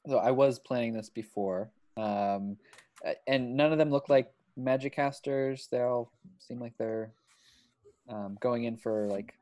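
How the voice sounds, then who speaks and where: A man playing a tabletop game, casual and halting, joking around. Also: mid-range voice, dark tone. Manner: halting, restarts, jokey. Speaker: player.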